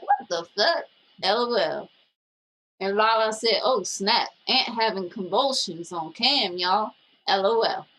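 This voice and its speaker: Woman co-host, casual and blunt, middle pitch, reads comments out in a flat run. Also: a little hiss or hum, poor audio. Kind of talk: casual chat, reading viewer comments.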